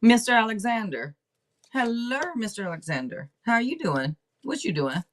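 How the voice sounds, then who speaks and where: A woman's voice: on the high side, very animated, normal speed, a little hiss or hum. A woman hosting a casual livestream tarot reading, talking to viewers in a direct, playful, teasing way. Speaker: tarot reader and livestream host.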